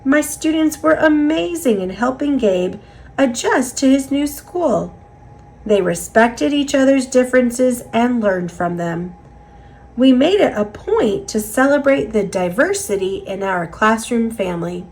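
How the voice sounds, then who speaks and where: A woman with an American accent reading children's picture books aloud, slowly and carefully enunciated. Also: on the high side, lively intonation, a little mellow. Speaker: children's book reader. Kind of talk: picture book read-aloud.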